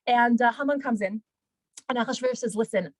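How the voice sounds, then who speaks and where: A woman's voice: fairly high pitch, moderate pace, no room sound, rough recording. A woman, a rebbetzin, retelling a story in casual talk, full of fillers and acted-out quotes. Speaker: rebbetzin, Torah teacher.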